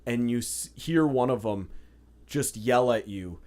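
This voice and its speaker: Male dungeon master, casual, filler-heavy storytelling, mid pitch. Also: a little slow, a little mellow. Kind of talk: narrating a tabletop game.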